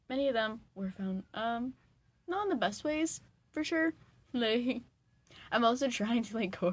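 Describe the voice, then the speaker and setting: A young woman from Massachusetts co-hosting a podcast in a small studio, chatting and laughing as she explains a case. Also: medium pitch. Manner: chatty, laughing, acts out quoted voices. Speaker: podcast co-host. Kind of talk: casual chat.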